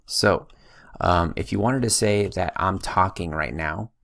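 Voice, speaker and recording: A man teaching a recorded Spanish grammar lesson, patiently drilling verb forms with slow, stressed repetitions. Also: low voice, gravelly, fairly bright tone. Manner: patient, drills conjugations slowly with emphasis.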